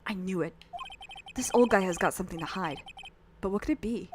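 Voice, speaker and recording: A woman's voice: mid-range voice, fairly quick, noisy background. Brief: young woman gamer, casual giggly chat, joking about herself. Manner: giggly, self-deprecating chatter. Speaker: streamer. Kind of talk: casual let's-play chat.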